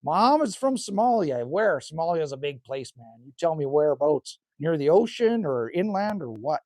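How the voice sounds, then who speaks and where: A middle-aged Canadian man with a slightly hoarse voice, hosting a live stream from a cabin and chatting casually with viewers in a folksy way. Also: on the high side, very animated, moderate pace, a little mellow, no echo, clean studio sound. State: a little hoarse. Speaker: livestream host reading chat. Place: rural cabin indoors.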